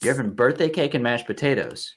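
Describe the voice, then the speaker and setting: Young dad host goofing around w his little kid, voice bounces up and down a lot, soft and coaxing. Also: mid-range voice, lively intonation, brisk. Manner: gentle, playful, coaxing. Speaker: podcast host. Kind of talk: casual chat with his toddler son.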